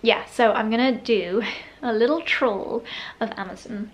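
A woman's voice: fairly high pitch, measured pace, dull audio. A woman chatting in a casual, bubbly home vlog, with playful asides. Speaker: lifestyle vlogger. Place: home indoors.

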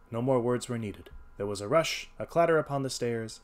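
A man reading a detective story aloud as its narrator, in a quiet, even narrating tone. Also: mid-range voice, a little fast. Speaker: reader.

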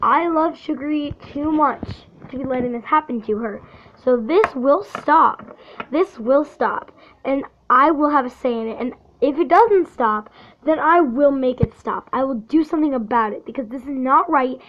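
A woman's voice: high voice, moderate pace. A woman filming a heated, defiant rant to camera for her channel, speaking with hard emphasis. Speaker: channel owner. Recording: dull lo-fi audio.

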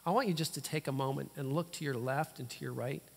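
A man preaching a sermon as a guest preacher, animated and fond of rhetorical questions and playful asides. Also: mid-range voice, fast, creaky, breathy edge. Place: church sanctuary. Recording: long church hall reverb.

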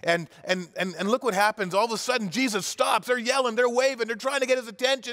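A man's voice: very high voice, fast talker, a bit bright, big-room sound. A pastor telling a sermon story vividly, acting out the characters' cries and often restarting his words. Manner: vivid retelling with acted-out cries and frequent restarts. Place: church.

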